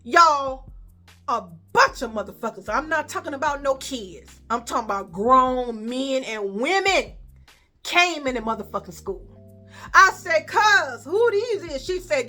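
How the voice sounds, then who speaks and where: A woman with a Chicago accent telling a personal story in a casual storytime vlog, animated and profane, acting out the dialogue. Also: high-pitched.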